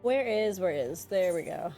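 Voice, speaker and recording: A woman's voice: fairly low pitch, expressive, moderate pace, mellow. A woman streaming a video game live, chatting casually and rambling to herself as she plays. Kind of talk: casual live-stream chat while gaming. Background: game music.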